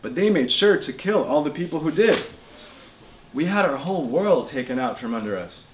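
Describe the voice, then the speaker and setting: A man's voice: a little high, expressive, normal speed, voice pushed up, close to an everyday voice. A man reading the part of a stubborn old immigrant grandfather who talks in clipped, emphatic English. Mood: indignant. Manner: emphatic, insistent, raised and louder voice. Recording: roomy bookshop with faint noise.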